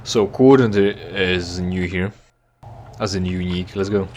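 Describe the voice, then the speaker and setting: A man's voice: deep voice, steady tone, a little slow, a little mellow, slight background noise. A man giving casual, joking commentary while playing a game, rambling with stammered restarts. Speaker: let's play gamer.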